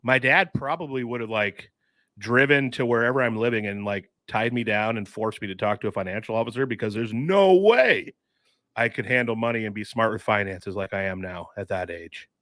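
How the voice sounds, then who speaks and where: Man, lowish voice, upbeat sports podcast co-host, dry close mic. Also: fairly quick, fairly bright tone, no room sound. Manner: enthusiastic, says dude and mm-hmm. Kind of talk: casual sports chat.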